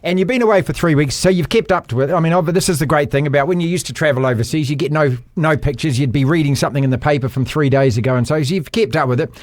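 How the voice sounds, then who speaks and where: Brief: New Zealand man in his sixties, sports host, quick and a little high, dry. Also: no room sound. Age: 60s. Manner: quick, chatty interjections. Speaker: show host. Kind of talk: casual sports talk.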